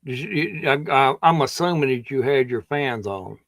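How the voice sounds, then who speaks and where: A man's voice: mid-range voice, lively intonation, normal speed, vocal fry, a bit bright, dry recording. Meandering Kentucky man with scratchy throat. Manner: drawling, meandering, with many restarts. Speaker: livestream host. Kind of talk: rambling casual chat.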